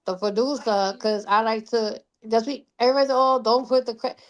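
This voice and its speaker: A woman's voice: a little high, fairly even intonation, fairly quick. A woman with a thick Brooklyn New York accent, a musician guest talking candidly in slangy casual interview chat. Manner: candid, slangy, laughs often.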